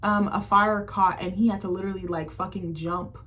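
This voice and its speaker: A woman's voice: mid-range voice, fairly even intonation, normal speed, a bit bright. A woman giving a casual, profane film recap as a critic vlogger, full of fillers like "like" and "um". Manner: chatty, profane, heavy on fillers like "like" and "um".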